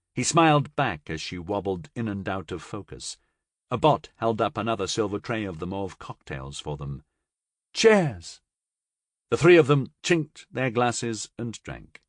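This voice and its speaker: A man narrating a science fiction audiobook in an expressive reading style. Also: lowish voice, no echo, studio quality. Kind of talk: scripted narration.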